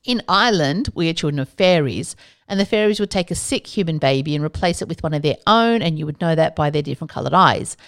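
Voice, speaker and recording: A woman's voice: sits low, lively intonation, fast talker. A woman hosting a solo podcast, talking casually with playful asides and self-mocking jokes. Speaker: podcast host.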